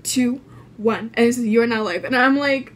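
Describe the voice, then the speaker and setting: A woman's voice: on the high side, normal speed. A woman from California telling a storytime vlog, rambling with lots of fillers and casual swearing. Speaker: vlogger.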